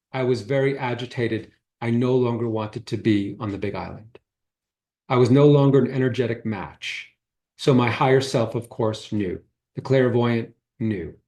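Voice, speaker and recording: A medium-pitched man with a darkish tone shares personal stories during a spiritual talk, speaking as a holistic healer. His style is casual and conversational, with quoted dialogue acted out, recorded in a roomy echo.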